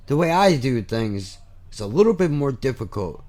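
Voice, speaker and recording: A man's voice: medium pitch, very animated, normal speed, darkish tone. A young man hosting a podcast, ranting bluntly and heatedly with constant swearing. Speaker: podcast host. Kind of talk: ranting monologue.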